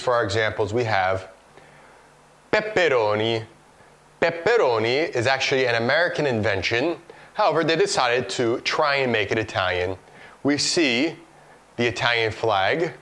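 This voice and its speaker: Man with a mid-pitched voice, explaining calmly. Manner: explanatory, pointing out examples one by one. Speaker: course instructor. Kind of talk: scripted lesson narration.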